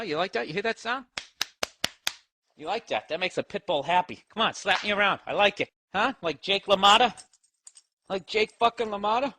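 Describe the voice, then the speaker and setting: A man's voice: on the high side, pushed and bright, husky. A man with a Boston accent ranting casually and sarcastically on his podcast, swearing often and talking to his dog. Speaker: comedian podcast host. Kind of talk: casual rambling rant. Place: home office.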